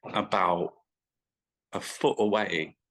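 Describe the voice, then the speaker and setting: A man's voice: deep voice, fairly even intonation, takes it slowly, a bit bright, low-quality recording. A man, a guest telling rambling, sweary stop-start anecdotes in a casual interview. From England. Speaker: guest artist.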